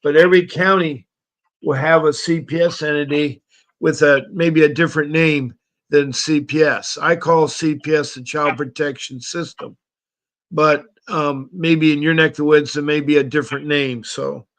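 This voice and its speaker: A man's voice: on the high side, fairly even intonation, moderate pace, fairly bright tone. A man hosting a live stream call-in show, talking casually with a slightly scratchy voice and a friendly, rambling manner full of fillers.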